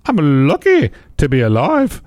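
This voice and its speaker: A playful male radio co-host reading offbeat news aloud. His voice sits a little high and moves a lot, with a dry studio sound. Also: wildly swooping pitch, unhurried, darkish tone, no echo. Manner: jokey, playful, mock-reading quotes. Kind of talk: joking news banter. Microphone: studio microphone.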